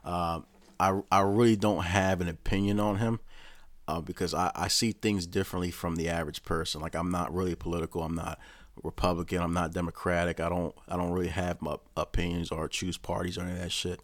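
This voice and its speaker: Low-voiced man in a profane rant. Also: flat delivery, a little fast, no echo. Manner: profane, rambling, restarts. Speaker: vlogger. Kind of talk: casual rant to camera.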